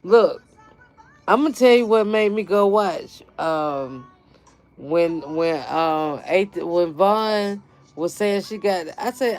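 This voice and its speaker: Taking it slowly in a medium-pitched voice, a gardening channel host just chats with her livestream viewers, unscripted. She's offhand and animated, swears bluntly, and laughs over and over.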